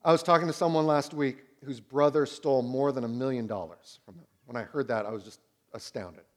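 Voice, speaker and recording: A pastor in his thirties preaching a sermon, swinging between loud and hushed. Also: mid-range voice, fairly quick.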